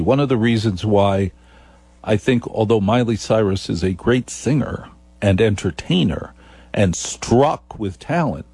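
A radio host from New Jersey, a man with a New Jersey accent, talks playfully on air. His fairly low voice is gravelly and husky, and he keeps slowing down into a deep, seductive register. The studio sound is dry and close. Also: expressive, a little mellow, no echo. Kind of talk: comic radio talk monologue.

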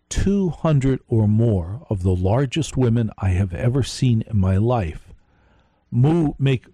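A man's voice: mid-range voice, mellow, no room sound. A man hosting a live late-night radio show, telling a rambling story and speaking straight to his listeners.

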